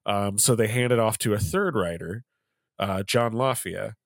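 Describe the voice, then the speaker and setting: A man's voice: on the low side, normal speed, gravelly, no room sound, clean studio sound. A man hosting a podcast in casual chat, rambling with lots of fillers and laughing often. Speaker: podcast host.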